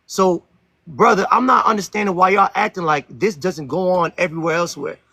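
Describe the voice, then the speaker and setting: A man hosting a heated live-stream debate, talking aggressively, interrupting and ranting loudly. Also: high voice, brisk, dry recording, rough recording. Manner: aggressive, interrupting, loud rants. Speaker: host.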